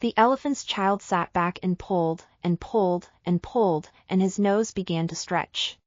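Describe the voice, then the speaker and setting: A woman's voice: on the low side, no room sound, highs cut off. Woman reading a storybook for learners. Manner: slow, careful storytelling. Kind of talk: graded reader narration for English learners.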